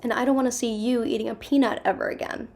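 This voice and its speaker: A woman's voice: fairly high pitch, fairly even intonation, fast talker, darkish tone, a little hiss or hum. Chatty, sarcastic woman commentator. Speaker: video host. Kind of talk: casual commentary.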